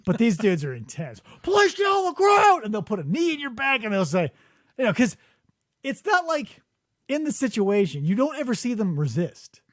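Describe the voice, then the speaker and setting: A man with a high, lively voice tells stories on a podcast, jumping between his own voice and acted-out quotes and swearing freely. The sound is dry and close, with no room around it. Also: moderate pace, dry recording. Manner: animated storytelling, acts out quotes, swears freely. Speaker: podcast host. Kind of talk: casual chat. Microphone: studio microphone.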